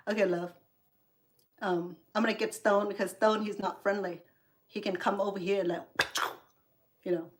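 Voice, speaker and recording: A woman from Cambodia, an English learner, hosting a cooking livestream and angrily scolding a rude viewer with heated sarcasm. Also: medium pitch. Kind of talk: angry livestream rant at a viewer.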